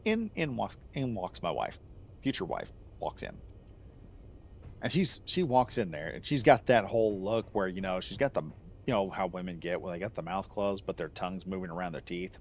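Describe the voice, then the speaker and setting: A middle-aged man hosting a gaming channel rambles through a casual story, correcting himself and laughing at his own jokes. His voice sits low and is very animated, at a moderate pace. The recording is slightly muffled, with faint background noise.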